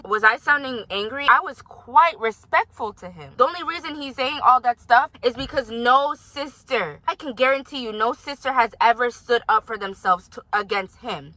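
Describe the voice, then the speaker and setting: Fired-up woman vlogger, bright voice. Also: fairly high pitch, no echo, poor audio. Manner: emphatic, indignant, talks straight to viewers. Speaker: vlogger reacting to her own recording. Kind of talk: heated commentary.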